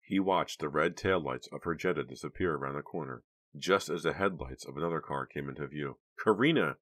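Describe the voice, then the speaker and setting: A man reads an audiobook aloud in scripted narration. His voice is extremely deep and sits at the floor of the male range. He keeps the reading steady and measured from line to line.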